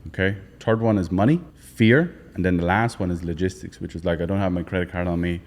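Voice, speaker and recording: An Irish man with a low voice talks bluntly in a podcast studio. He swears freely and repeats short lists to drive each point home. His voice rings out into a long room reverb. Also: brisk, a little mellow. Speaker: sales coach and podcast guest. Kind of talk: casual podcast chat.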